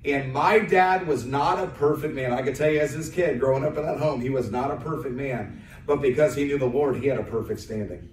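An American man preaching a sermon as an evangelist, praying and then building to emphatic, rising lines. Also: medium pitch. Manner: preaching with emphatic rises, pausing on fillers. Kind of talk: sermon with prayer. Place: church sanctuary. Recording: distant roomy church sound.

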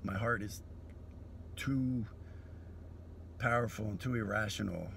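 Comedian, male, gravelly edge, bright tone, swearing rant. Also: fairly low pitch, steady tone, a little slow, slight background noise. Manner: profane, philosophical ranting. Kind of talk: comedic monologue.

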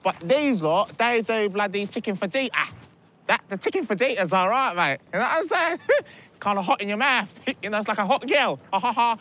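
A man's voice: sits high, lively intonation, brisk, pushed and bright. A man playing a cocky parking enforcer. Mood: chatty. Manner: swaggering, chatty, mocking. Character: cocky self-important male parking enforcer. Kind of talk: mockumentary comedy acting.

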